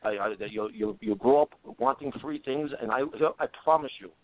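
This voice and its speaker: A man's voice: medium pitch, fairly quick, creaky, dry recording, lightly acted. A man doing an impression of a well-known older politician, pushy and lecturing, with a mock European-tinged accent, stammering and repeating himself. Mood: haranguing. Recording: phone-like lo-fi sound.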